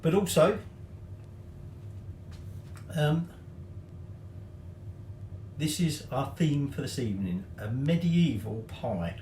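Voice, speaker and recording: A man's voice: a little high, expressive, takes it slowly, pauses often, warm tone, reverberant, slight background noise. A man hosting a cooking tutorial, chatty, with joking, self-mocking asides. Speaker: cooking show host.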